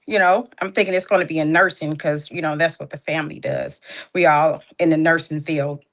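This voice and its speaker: A woman's voice: sits low, fairly even intonation, fairly quick. A woman speaking as a proud mother, emotional and fighting back tears as she gives a heartfelt spoken tribute. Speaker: guest's mother giving an introduction.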